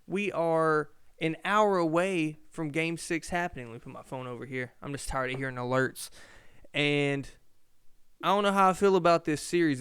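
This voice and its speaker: A man's voice: a little high, moderate pace, fairly bright tone, smooth, dry recording, studio quality. A young man hosting his own podcast, talking in a loose, rambling monologue with a slight lisp, often asking himself questions and swearing freely. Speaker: podcast host.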